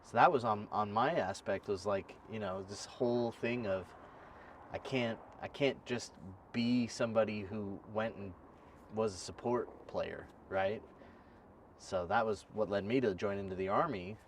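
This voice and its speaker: A fairly low-pitched man in his thirties hosts a casual interview, chatty and animated, quick to laugh. His voice sits a little back from the microphone, with a faint hiss underneath. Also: distant mic. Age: 30s. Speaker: podcast host.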